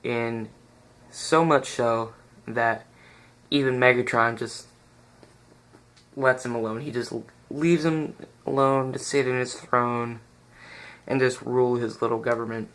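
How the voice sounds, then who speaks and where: A man's voice: medium pitch, steady tone, a little slow, pauses often, a bit bright. A man giving a casual, rambling toy review recorded on a phone, often stopping to search for the right word and restarting his sentences.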